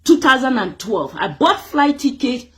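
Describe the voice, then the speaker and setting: A woman's voice: high-pitched, big pitch swings, measured pace. A woman from Nigeria, telling her personal story with drama and acting out the voices of others. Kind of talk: emotional personal testimony.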